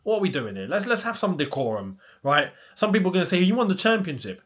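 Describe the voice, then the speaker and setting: A man's voice: fairly high pitch, big pitch swings, fast talker, fairly bright tone. A young man, hosting a casual football chat and ranting with plenty of rhetorical questions. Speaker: football channel host.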